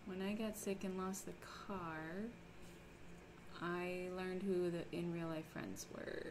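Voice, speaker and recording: A woman's voice: fairly low pitch, fairly even intonation, slow, noisy background. A woman from Minnesota chatting casually on a crafting livestream, reading chat aloud and laughing often. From Minnesota, USA. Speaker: livestream host.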